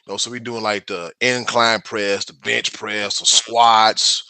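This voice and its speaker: A man's voice: lowish voice, level tone, measured pace, bright, forceful tone. A man with a South Carolina accent, co-hosting a podcast and telling stories in a laid-back, joking way. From South Carolina, USA. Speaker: podcast co-host. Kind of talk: casual chat.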